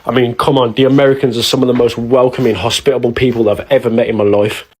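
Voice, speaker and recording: Man, husky, earnest, persuasive, mid pitch. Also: little pitch movement, quick pace. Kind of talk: to-camera opinion.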